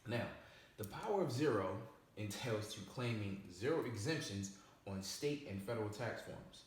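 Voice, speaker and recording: In a very echoey room, a personal finance presenter gives a casual money-saving explainer, stressing each point and checking in with "all right?" and "okay?". He has a fairly low, animated voice and talks at normal speed.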